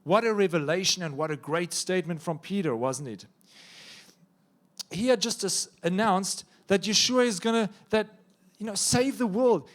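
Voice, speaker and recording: A man preacher giving a sermon, telling the story vividly with joking asides. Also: fairly high pitch.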